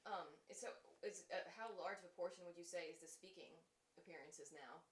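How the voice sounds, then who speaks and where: A woman's voice: fairly low pitch, brisk. A woman interviewer asking casual, upbeat questions.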